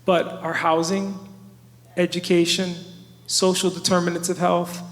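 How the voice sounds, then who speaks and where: A man's voice: sits high, level tone, unhurried. A man speaking on stage with passion, rhetorical and preacherly, building his points in lists. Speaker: panelist at a live storytelling event. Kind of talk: impassioned public speaking. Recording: reverberant hall.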